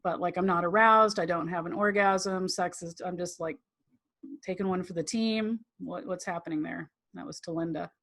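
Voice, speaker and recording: A woman's voice: on the low side, fairly even intonation, moderate pace, creaky, a bit bright. Chatty female tantra teacher, loose and rambling, acts out little quotes with laughs. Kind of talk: live online class teaching.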